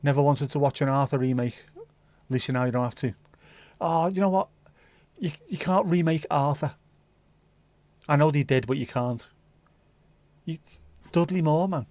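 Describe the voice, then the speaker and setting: A man's voice: fairly high pitch, normal speed, darkish tone, no room sound. A man hosting a livestream, rambling and swearing casually as he answers viewers' comments. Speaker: livestream host. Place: home livestream setup.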